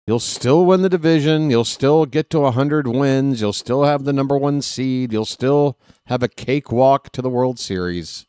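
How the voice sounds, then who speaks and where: A man calling live baseball play-by-play for fans, excitable and jokey, talking straight to his listeners. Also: mid-range voice, moderate pace, few pauses, smooth, dry recording, studio quality. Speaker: fan play-by-play commentator.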